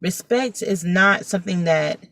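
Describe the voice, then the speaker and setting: Blunt, gravelly-voiced woman vlogger. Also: on the low side, unhurried, dry recording. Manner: blunt, animated, swears freely. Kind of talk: casual storytime vlog. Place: outdoors, arriving at a building.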